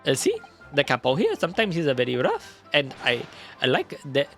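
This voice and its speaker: A flamboyant Italian man talks in big looping swings of pitch, as a man puts him on. The put-on Italian accent is thick and the delivery singsong and over the top, with faint music behind. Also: huge pitch swings, fairly quick, fairly bright tone, exaggerated voice. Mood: theatrical. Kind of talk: reading game dialogue with voices.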